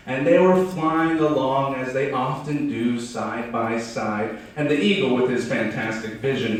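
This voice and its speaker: A man telling a folksy, lively story from the stage, keynote style. His voice sits at a middle pitch and fills a large hall full of echo. It is picked up from well back. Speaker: speaker at a business start-up event. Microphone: distant from the mic. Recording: echoey hall from far off.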